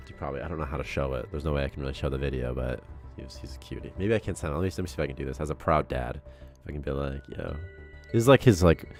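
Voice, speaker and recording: A man's voice: rumbling low, racing, soft background music. A man on a game development stream, talking casually and rambling with lots of "like" and laughter. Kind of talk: casual live-stream chat.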